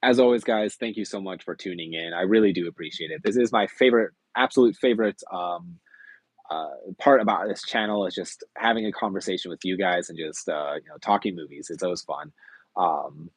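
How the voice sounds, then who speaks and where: A man with a low voice hosts a relaxed live stream, chatting eagerly to his viewers. His voice is a bit hoarse from talking a long time, and the sound is dry and close. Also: fairly quick, no echo. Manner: chatty and enthusiastic. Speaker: host of a movie live stream. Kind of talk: casual live-stream chat.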